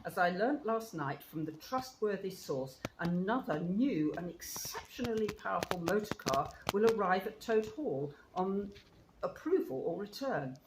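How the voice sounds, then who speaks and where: A woman voicing a stern, commanding old male badger in a storybook reading, with slow, deliberate pronouncements. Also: mid-range voice, animated, close to an everyday voice. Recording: roomy with faint hiss.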